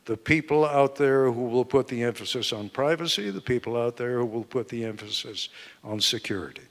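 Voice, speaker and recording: Man, author interviewed on stage, measured emphatic talk, echoing event hall. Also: medium pitch, steady tone. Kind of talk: explaining at a live book fair talk. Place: event hall with live audience. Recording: long hall reverb.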